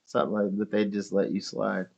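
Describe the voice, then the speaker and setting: A man's voice: fairly low pitch, steady tone, fairly quick, gravelly, darkish tone. A man talking casually on a stream, rambling and swearing as he tells an argumentative story.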